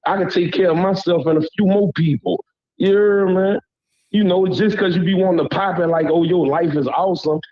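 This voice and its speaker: With the highs cut off, a Louisiana caller's high-pitched, steady voice moves a little fast. Speaking with a Southern accent, he rants heatedly at a panel in blunt slang and often asks "you hear me."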